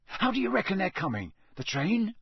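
Man voicing eager teen schoolboy, quick, raised pitch, dry sound. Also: wildly swooping pitch, vocal fry, a bit bright, breathy edge, heavily acted.

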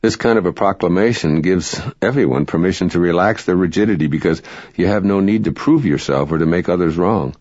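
A man reading spiritual self-help narration in a calm, measured, instructive way. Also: sits low, dry recording. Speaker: audiobook narrator. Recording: dry, dull lo-fi recording.

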